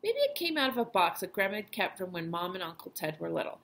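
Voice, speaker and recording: A woman's voice: fairly low pitch, quick pace, vocal fry, a little hiss or hum. A woman teacher reading a children's chapter book aloud to her class. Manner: expressive storytelling voice.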